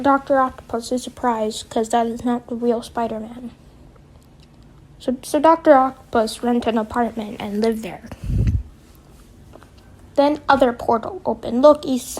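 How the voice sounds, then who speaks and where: A woman casually telling a story in a rambling, halting way with many restarts. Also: fairly high pitch, fairly even intonation, a little mellow, poor audio.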